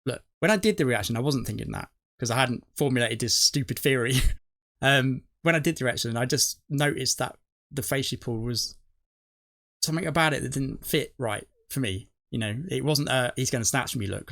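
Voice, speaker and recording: Rambling man with a gravelly voice. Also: medium pitch, moderate pace, fairly bright tone. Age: middle-aged. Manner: rambling, self-correcting, chuckles at himself. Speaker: reaction video host. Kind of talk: casual rambling commentary.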